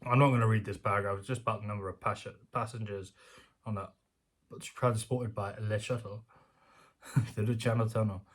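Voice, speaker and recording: British guy ranting over an article, husky throaty voice, sarcastic, keeps laughing and restarting. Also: lowish voice, fairly even intonation, normal speed. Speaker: commentator reading news aloud. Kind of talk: casual rant reacting to an article.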